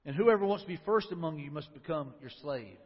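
Pastor, man, high husky voice, chatty sermon full of questions to the room, lo-fi recording with long hall reverb. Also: expressive, brisk. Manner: conversational preaching with rhetorical questions.

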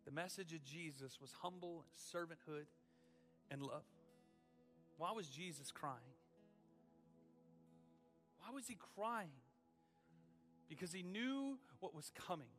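Slow, bright-voiced male preacher. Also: a little high, lively intonation, long reverb tail, soft background music. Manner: dramatic, emphatic, drawn-out phrasing. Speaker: student pastor. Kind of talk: sermon.

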